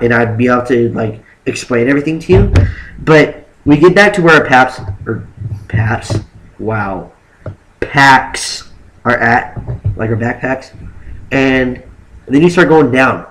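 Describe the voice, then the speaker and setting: A man's voice: on the high side, poor audio. Rambling young man telling a vlog story. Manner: animated, rambling, heavy filler "like"; acts out exaggerated quotes of himself and others. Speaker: vlogger. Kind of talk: casual storytelling.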